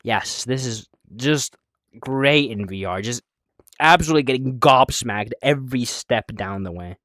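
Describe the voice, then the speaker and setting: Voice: medium pitch, lively intonation, a little slow, a bit bright, no echo, clean studio sound. A young adult streamer chatting casually while playing a VR game, rambling, swearing and answering chat, a bit out of breath.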